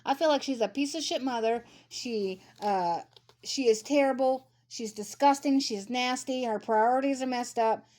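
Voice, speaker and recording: A woman's voice: on the high side, moderate pace, darkish tone. A woman in her thirties giving a blunt, ranting commentary to camera, repeating herself for emphasis. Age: 30s. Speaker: vlogger. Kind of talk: casual commentary.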